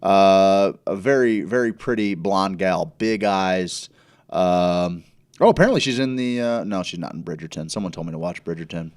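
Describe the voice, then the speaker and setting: A man's voice: low-pitched, animated, moderate pace, a little mellow. A man from Indiana hosting a casual livestream chat, rambling through lots of fillers and the odd curse. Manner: rambling, filler-heavy, profane. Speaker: podcast host.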